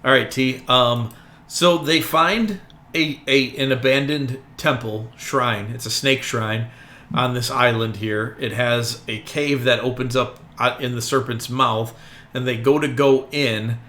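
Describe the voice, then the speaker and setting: A man narrating as game master in a tabletop role-playing session. His pitch sits in an ordinary middle range. His telling is loose and chatty, with plenty of ums and quick self-corrections. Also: fairly even intonation, bright, forceful tone, slight background noise.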